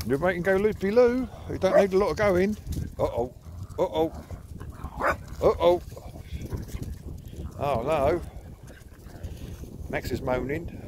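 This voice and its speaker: A man's voice: high-pitched, darkish tone, a little hiss or hum. A middle-aged man, filming on his phone as he walks his dogs outdoors and chats to them in a teasing, playful way. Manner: chatty, teasing, sing-song talk to pets. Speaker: dog owner filming a walk. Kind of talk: chatting to his dogs on a walk. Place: outdoors by water in the countryside. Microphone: phone held while walking.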